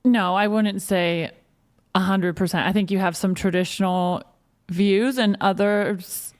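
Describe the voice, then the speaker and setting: A woman's voice: mid-range voice, steady tone, measured pace. A woman on a discussion panel, answering hesitantly and hedging her views. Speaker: panel guest. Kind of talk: casual chat.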